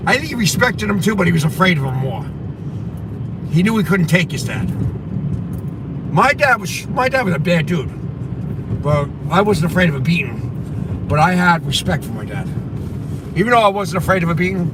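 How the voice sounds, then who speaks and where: A man's voice: high-pitched, very animated, moderate pace, pauses often. A man host telling a rambling story in casual chat, repeating himself and laughing, from inside a car with road noise.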